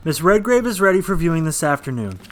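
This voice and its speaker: A man's voice: on the high side, sing-song, fast, fairly bright tone. An actor playing a gaunt, stern old male mortician who scolds his workers in a dry, formal way. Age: older.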